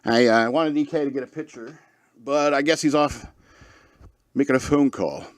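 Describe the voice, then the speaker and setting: A man's voice: medium pitch, moderate pace, no echo. A man hosting a podcast, talking casually and rambling through his opinions with frequent restarts and chuckles. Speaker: podcast host.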